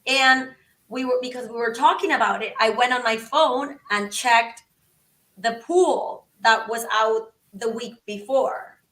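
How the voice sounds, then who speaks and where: Chatty excited woman, high bright voice, kinda far from the mic in an echoey room. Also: unhurried. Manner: animated, excitable, acts out quotes, many "like"s. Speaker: podcast guest. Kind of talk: casual storytelling.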